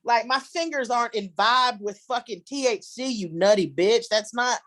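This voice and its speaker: A woman's voice: on the high side, moderate pace, a bit bright, no echo. A middle-aged woman doing a brash, profane, rambling stand-up set. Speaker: headlining comedian. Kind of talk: stand-up set on a video call.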